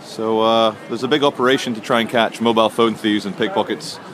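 A man's voice: fairly low pitch, steady tone, brisk, a bit bright. A man vlogging to camera on a city street, telling a story in a chatty, jokey way. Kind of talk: walking vlog to camera. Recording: faint street and traffic noise.

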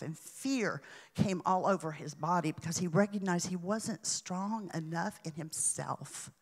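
A woman preacher telling a story in a sermon, dramatic, with sudden hushes and swells. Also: lowish voice, gravelly, husky.

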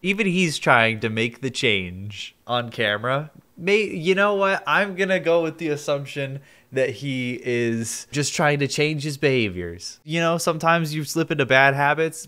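A man's voice: medium pitch, expressive, moderate pace, pushed and bright. A man streaming live and reacting to a video in casual commentary, sarcastic and blunt, swearing freely.

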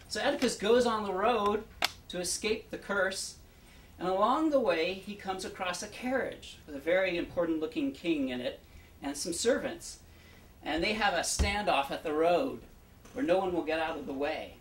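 A man's voice: fairly high pitch, lively intonation, moderate pace, a bit bright. A man gives a casual, chatty pre-show introduction as an actor, retelling the backstory and speaking directly to the audience. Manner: chatty, storytelling, addresses the audience. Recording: roomy, distant, faint background hum.

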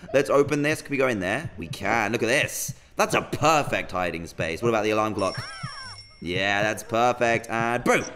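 A young man commenting as he plays a game, talking to his viewers and giggling often. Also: medium pitch. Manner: animated, giggly, talks to viewers. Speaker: gaming YouTuber. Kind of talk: playing a game and commenting live.

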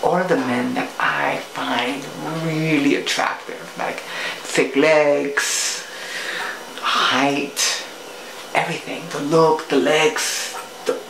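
Animated woman vlogging. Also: deep voice, slow, vocal fry, reverberant, background noise. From Puerto Rico. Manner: animated, playful storyteller. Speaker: cooking show host. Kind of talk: casual vlog monologue.

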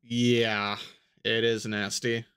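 A man's voice: fairly low pitch, little pitch movement, drawn-out words, a bit bright, smooth. A man streaming a game live, casually chatting with his viewers, answering their messages and often repeating himself. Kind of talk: casual live-stream chat while gaming.

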